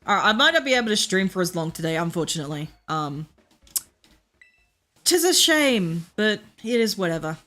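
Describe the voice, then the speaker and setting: Gaming on stream, an Australian woman rattles on fast and animated with few pauses, swearing a lot and laughing through her stories. Her fairly low voice still carries a bright, clear edge, and soft game music plays quietly underneath.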